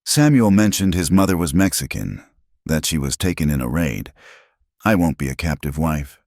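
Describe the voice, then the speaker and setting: A man voicing an earnest young woman, a jilted schoolteacher, lifting his deep voice slightly. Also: sing-song, normal speed, darkish tone, no room sound, studio quality, exaggerated voice.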